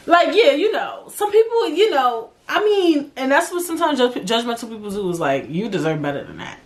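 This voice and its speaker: A woman's voice: mid-range voice, brisk. Blunt, profane young woman podcaster. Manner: blunt, profane, animated, drawling slang. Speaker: podcast host. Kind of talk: casual solo podcast monologue.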